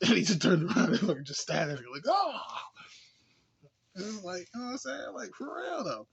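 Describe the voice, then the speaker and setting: A man's voice: high-pitched, very animated, fast, vocal fry, slight background noise. A man giving a casual movie review, laid-back and slangy, rambling with lots of fillers and laughs. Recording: dull lo-fi recording.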